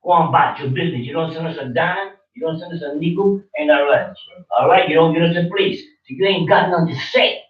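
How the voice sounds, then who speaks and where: A man in his seventies preaches with a forceful, repetitive, confrontational delivery, his voice sitting somewhat high for a man. He is picked up from a distance in a roomy, echoing space. The recording sounds dull and muffled. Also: a little fast. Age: 70s. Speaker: religious teacher. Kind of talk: sermon.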